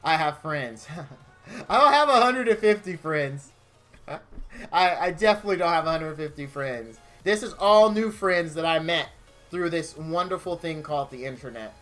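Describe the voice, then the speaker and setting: A male game streamer with a somewhat high voice talks from his game room at home. He rambles warmly and wears his feelings openly as he chats with his viewers, and faint music plays behind him. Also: expressive, moderate pace. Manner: gushing, openly emotional, rambling. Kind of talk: casual stream chat.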